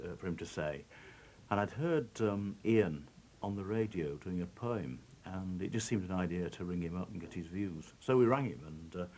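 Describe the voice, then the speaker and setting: Very deep-voiced man telling a story. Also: slight background noise, rough recording. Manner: relaxed, with fillers and restarts. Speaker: interviewee. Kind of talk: recounting a story in an interview.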